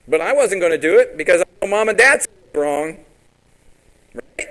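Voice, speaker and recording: A middle-aged man preaching a sermon as pastor, lively and throwing rhetorical questions at his congregation. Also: sits high, normal speed, low-quality recording.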